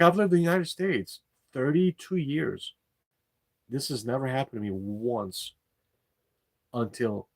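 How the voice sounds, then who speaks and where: A man with a gravelly, creaky voice rants in a loose storytelling way. He swears freely and keeps circling back to repeat his points, sounding fed up throughout. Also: medium pitch, darkish tone. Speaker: delivery driver and channel host. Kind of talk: casual storytelling rant.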